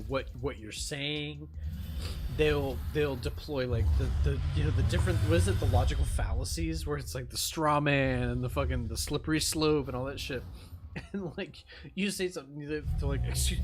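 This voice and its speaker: A man's voice: a little high, moderate pace, background noise. Profane ranting man, casual chat. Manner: profane, animated, laughing often. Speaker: streamer. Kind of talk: casual rant while gaming.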